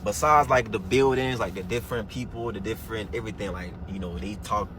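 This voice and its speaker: A man from Nigeria, telling a story to camera in an animated, slangy and profane way. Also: lowish voice, a little fast, noisy background.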